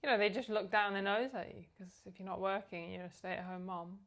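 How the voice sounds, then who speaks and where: A woman's voice: mid-range voice, steady tone, brisk, a bit bright. A woman from South Africa co-hosting a casual podcast chat, talking candidly and frankly. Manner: candid, frank, sometimes trailing off. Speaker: podcast co-host.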